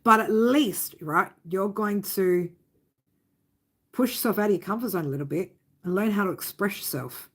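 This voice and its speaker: A woman's voice: medium pitch, moderate pace, husky. Woman, tarot reader, blunt, swearing, tough love, casual live reading. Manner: blunt, swearing, fond tough-love talk with many "right?" tags.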